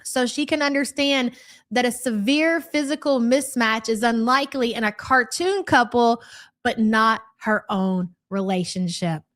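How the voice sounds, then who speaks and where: A woman's voice: fairly high pitch, unhurried, a bit bright. A woman hosting a live reaction stream, speaking in a crude, mocking and chatty way as she reads out viewer comments. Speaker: livestream commentary host.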